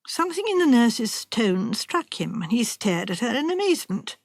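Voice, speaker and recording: Woman reading a mystery story, even pace, kinda high, dry sound. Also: normal speed, dry recording. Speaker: audiobook narrator. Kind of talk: scripted narration.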